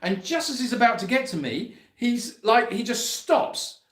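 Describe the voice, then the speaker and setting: A man telling a lively story about chasing animals on his farm, often laughing as he talks. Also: very high voice, unhurried, reverberant. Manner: animated, breaks into laughter, rising voice as story builds. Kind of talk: casual storytelling to camera.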